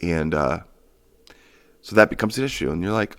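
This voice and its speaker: Male podcast host, deep gravelly voice, sarcastic profane solo rant. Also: big pitch swings, brisk, fairly bright tone. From Michigan, USA. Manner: sarcastic, profane, rambling with fillers.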